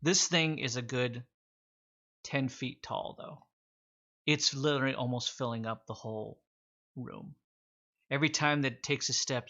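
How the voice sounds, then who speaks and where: A man's voice: medium pitch, pushed and bright. Man narrating as game master, lo-fi. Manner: descriptive narration with filler words.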